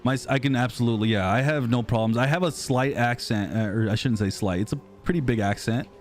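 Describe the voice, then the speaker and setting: A man's voice: mid-range voice, fast talker, faint music behind. A man in his thirties with an American accent, chatting casually with viewers on a live stream, rambling and self-deprecating. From United States. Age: 30s. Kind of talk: casual live-stream chat reading comments.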